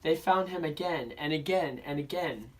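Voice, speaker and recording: A young man narrates a children's picture book in steady storybook fashion, a little high for a man. He is heard from well back in a classroom, caught by a distant camera mic. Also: normal speed. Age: young adult. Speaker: student reader. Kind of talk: oral interpretation reading of a children's picture book.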